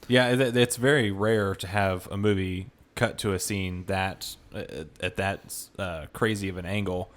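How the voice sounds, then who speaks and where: Laid-back deep-voiced podcast guy. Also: steady tone. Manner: laid-back, agreeable, drawn-out phrasing. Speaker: podcast co-host. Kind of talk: casual movie review chat.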